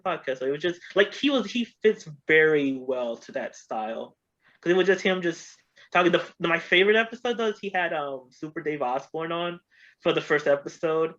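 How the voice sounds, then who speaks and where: A man's voice: a little high, fairly bright tone. A man co-hosting a film podcast in casual chat, telling long rambling stories and acting out quotes from comedy bits. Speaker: podcast co-host. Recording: dull lo-fi podcast audio.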